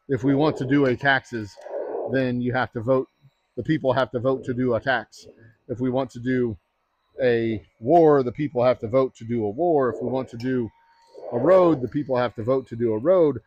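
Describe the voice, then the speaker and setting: A man's voice: medium pitch, dry recording, lo-fi sound. Rambling man joking on a livestream. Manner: rambling, joking, with many fillers. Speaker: distillery owner livestreaming. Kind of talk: casual livestream chat.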